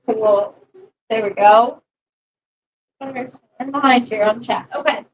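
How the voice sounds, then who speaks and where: Woman co-host, high and bright, agreeable, hedging, slightly distant from the mic. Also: slow, muffled recording. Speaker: co-host of a wrestling recap stream. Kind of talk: casual chat.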